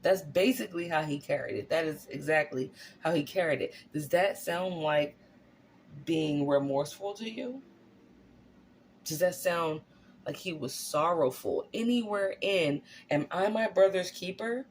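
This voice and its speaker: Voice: mid-range voice, unhurried, slight background noise. A vlogger talking in a blunt, profane casual monologue, full of rhetorical questions and "right?" tags. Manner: animated, often tagging lines with "right?" and "okay?". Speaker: vlogger on narcissistic abuse.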